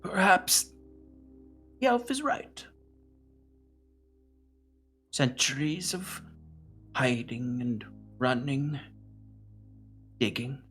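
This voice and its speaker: A serene, knowing old woman seer in a tabletop role-play, as a man puts her on in a raised, airy voice. She lingers over every word, calm and unhurried. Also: mid-range voice, breathy edge, faint music behind, voice pushed up, full character voice. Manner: slow, drawn-out, hushed delivery. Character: serene elderly female seer, soft and knowing.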